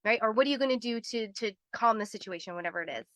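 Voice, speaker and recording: A woman's voice: on the high side, quick pace, fairly bright tone, no room sound. A woman hosting a live health webinar, explaining in a chatty way, laughing often and acting out little voices as she goes.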